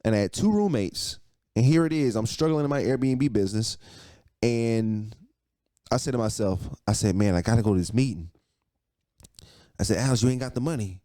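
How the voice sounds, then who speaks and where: A man in his thirties telling a personal story in casual chat, animated and profane, repeating phrases for emphasis. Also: lowish voice, normal speed, pauses often. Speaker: podcast guest, entrepreneur.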